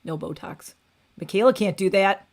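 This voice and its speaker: A woman's voice: mid-range voice, animated, normal speed. A woman hosting a casual livestream, rambling and opinionated, with frequent "like" and restarts. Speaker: beauty channel host.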